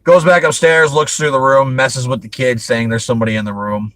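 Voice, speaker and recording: A man's voice: medium pitch, steady tone, a little fast, a bit bright, no room sound, low-quality recording. Rambling man in casual review chat. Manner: rambling, laughs often, frequent restarts. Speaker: host.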